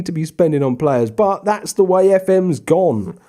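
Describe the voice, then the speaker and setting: A young man casually commentating his own football management game, chatty, with sudden bursts of excited shouting. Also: medium pitch, moderate pace, hardly any pauses. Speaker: gaming YouTuber. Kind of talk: casual Let's Play commentary.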